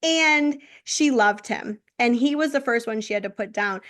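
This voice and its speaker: A young woman chats as co-host of a casual podcast, her voice sitting a little high. She tells a long story in an animated way. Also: moderate pace. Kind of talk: casual chat.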